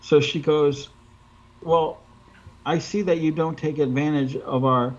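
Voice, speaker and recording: A man's voice: a little high, fairly even intonation, a little slow, lo-fi sound. A man who runs a window cleaning business, bluntly telling a story with lots of swearing. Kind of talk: casual storytelling.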